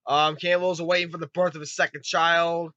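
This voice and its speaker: A man giving a rambling, excitable spoken movie review, swearing often and retelling scenes with quick put-on voices. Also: on the high side, no room sound, lo-fi sound. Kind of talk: casual spoken film review.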